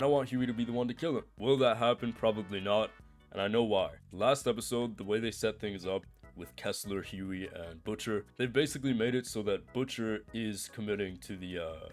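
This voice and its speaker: A young man giving rambling, profane spoken commentary, often stopping to restart his sentences. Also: on the low side. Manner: rambling, profane, self-interrupting.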